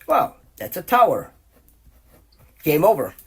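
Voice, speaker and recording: Husky-voiced man ranting heatedly. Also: on the high side, wildly swooping pitch, slow pace, a bit bright. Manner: heated, profane, rambling with many restarts; repeats exclamations in rising bursts. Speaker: podcast host. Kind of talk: casual podcast rant.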